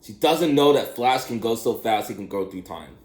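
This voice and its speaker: A middle-aged man telling a rambling personal story in casual chat, animated and laughing often. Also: moderate pace, echoey room. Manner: animated, laughs often, mimics high questioning voices.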